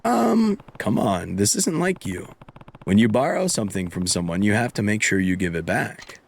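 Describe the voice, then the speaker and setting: A man voicing a calm, firm adult guardian in a game. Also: on the low side, moderate pace, creaky, slight background noise. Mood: steady.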